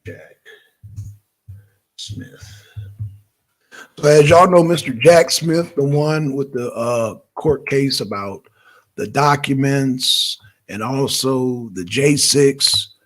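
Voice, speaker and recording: A man's voice: mid-range voice, slow, long pauses. A man from Georgia with a Southern accent, chatting casually to viewers as the host of a political livestream. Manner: chatty, addresses viewers directly, gives shout-outs.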